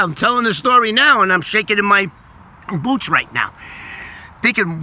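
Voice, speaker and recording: Older guy spinning a yarn, bright voice, a bit high, slight hiss behind. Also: a little fast. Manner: animated, repeats words while telling the story. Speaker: storyteller on his own channel. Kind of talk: casual first-person storytelling.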